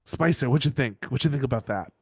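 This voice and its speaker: A man hosting a podcast, recapping chapters in a casual, sarcastic way and acting out characters in quick voices. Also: medium pitch, breathy edge, no room sound. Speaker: podcast host.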